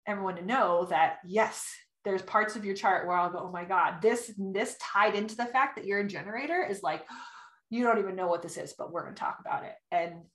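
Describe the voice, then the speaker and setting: A woman at a middle pitch talks animatedly as a podcast guest, slipping into playful acted-out quotes and laughter. Her voice carries a noticeable room echo. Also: a little fast. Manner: animated and chatty, often acting out quotes and laughing. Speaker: human design reader, podcast guest. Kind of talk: casual podcast conversation. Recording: roomy echo.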